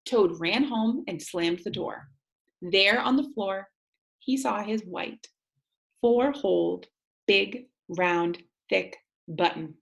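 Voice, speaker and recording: Woman teacher, reading aloud to students, gentle questions, slow, lively pitch. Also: creaky.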